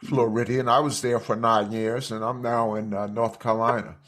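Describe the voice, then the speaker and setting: A man's voice: mid-range voice, little pitch movement, moderate pace, a bit bright. A man hosting a podcast, prompting his guest conversationally and often repeating words as he starts a sentence. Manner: friendly prompting, repeats words when starting, many backchannel murmurs. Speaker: podcast host. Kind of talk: conversational interview.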